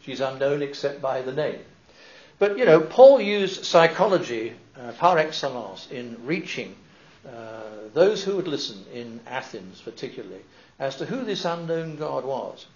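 On a dull lo-fi recording, a man teaches from the Bible at a measured pace, his voice mid-pitched. He reads scripture and unpacks it in an animated, conversational style, breaking off for asides and starting sentences over.

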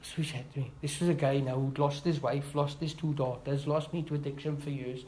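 A middle-aged man giving a personal church testimony, halting and heartfelt, with restarts and rising emphasis. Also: fairly high pitch, fairly even intonation, darkish tone, rough recording. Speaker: testimony speaker.

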